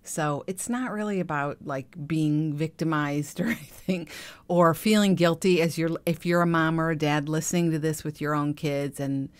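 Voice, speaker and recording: A middle-aged woman hosting a podcast, speaking in a gentle, confiding way that often drops to a soft hush. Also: deep voice, fairly even intonation, normal speed. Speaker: podcast host. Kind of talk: reflective monologue.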